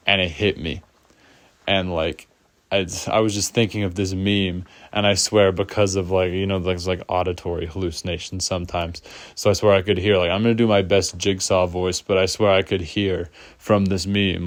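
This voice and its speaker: A man's voice: sits low, level tone, normal speed, no echo. A man casually telling a personal story, rambling and full of fillers. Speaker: storyteller vlogger.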